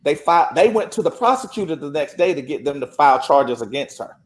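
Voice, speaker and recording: A man's voice: on the high side, quick pace. A man telling a courthouse story in casual chat, acting out the dialogue. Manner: animated, acts out quoted dialogue. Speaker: guest.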